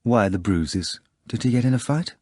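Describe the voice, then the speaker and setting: A man voicing a calm psychiatrist who asks curt, clinical questions through his teeth. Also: medium pitch, normal speed, husky, dry recording, studio quality.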